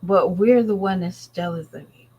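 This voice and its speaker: A woman's voice: fairly low pitch, moderate pace, mellow, breathy edge, lo-fi sound. A woman vlogger and mother talking straight to her viewers in a blunt, rambling, casual way. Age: adult parent. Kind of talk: casual commentary chat.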